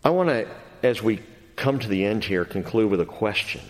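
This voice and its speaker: A pastor preaching an expository sermon, earnest and emphatic, going from quiet passages to loud ones. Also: male voice, on the low side, animated, moderate pace. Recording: long hall reverb.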